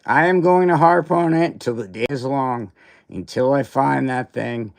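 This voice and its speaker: A man's voice: medium pitch, unhurried, creaky. A man hosting a casual livestream, rambling and grumbling with mild cursing. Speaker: livestream host.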